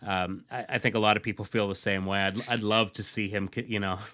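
A man co-hosting a relaxed podcast about comics. His voice sits a bit low and has a bright, forward edge. He rambles and stops himself often while he chats. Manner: rambling, halting, laughs easily. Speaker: podcast co-host. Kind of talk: casual chat about comics.

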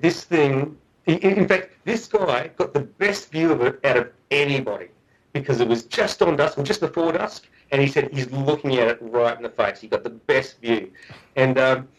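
A man, a guest researcher, telling a story in a chatty, animated way with frequent restarts. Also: medium pitch, slightly rough, low-quality recording. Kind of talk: casual storytelling.

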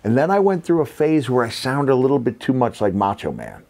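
Speaking fairly quickly, a man in his fifties, once a wrestler and now a podcast host, spins reflective stories full of fillers, with a slight New York accent. His medium-pitched voice swoops wildly and stays mellow throughout this casual chat.

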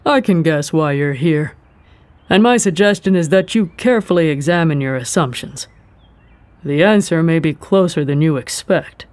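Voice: mid-range voice, moderate pace, darkish tone, no room sound, lightly acted. A narrator voicing an amiable, cryptic police chief. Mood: smooth, cryptic. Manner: amiable, with a heavily accented English. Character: polished, amiable male zone police chief.

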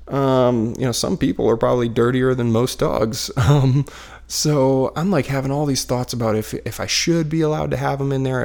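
Man in his thirties, gravelly, vocal fry, casual rambling storytelling, self-deprecating, at home on a couch. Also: medium pitch. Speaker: vlogger telling a personal story. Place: living room couch at home, dog barking nearby.

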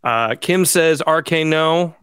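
A man's voice: fairly high pitch, slow, fairly bright tone, smooth, dry recording. A man co-hosting a podcast and running a true-or-false game, with upbeat, playful game-show patter on a studio mic. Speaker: podcast co-host and quiz master.

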